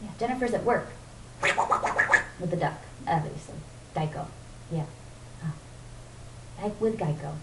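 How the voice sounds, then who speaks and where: A woman's voice: on the low side, lively intonation, a little slow, pauses often. A woman talking to her pet parrot in a coaxing, sing-song baby-talk voice, praising and prompting it. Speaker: pet owner. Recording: roomy, distant home-camera sound with loud noise.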